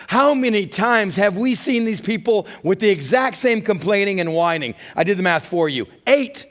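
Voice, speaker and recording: High-voiced, animated male pastor preaching. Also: normal speed, few pauses. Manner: animated storytelling, acts out complaining voices. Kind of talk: sermon.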